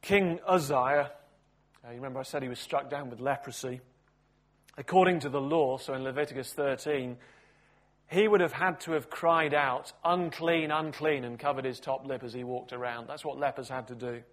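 A man preaching a sermon, telling a story expressively with big swings in loudness. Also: medium pitch, normal speed.

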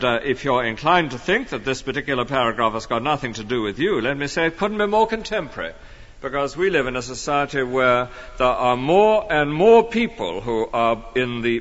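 Preacher with lively emphasis. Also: male voice, mid-range voice, long reverb tail, highs cut off. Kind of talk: expository sermon. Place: church.

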